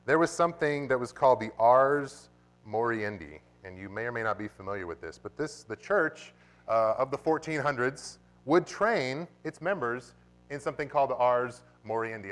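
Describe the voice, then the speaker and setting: A man preaching a sermon as pastor of his church, animated and sometimes bursting into loud exclamations. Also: mid-range voice, moderate pace, soft background music. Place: church sanctuary.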